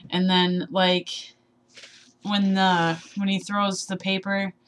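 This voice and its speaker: With slight background noise, a young woman of twenty-one talks slowly in a flat, mid-range voice. She's a vlogger doing a relaxed tag video, a bit short on sleep, wandering from point to point while laughing and being self-deprecating.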